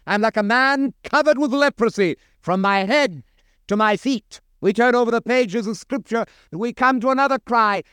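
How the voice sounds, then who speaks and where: A man's voice: very high voice, normal speed, a bit bright, smooth, no echo, studio quality. A man preaching a sermon to a congregation, quoting scripture with impassioned, dramatic emphasis.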